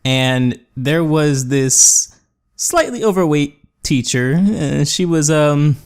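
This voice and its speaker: Speaking slowly and expressively, this young man has a slightly high, clear, resonant voice. He's a gaming YouTuber narrating a meandering story over gameplay, leaning on fillers and imitating the people he quotes.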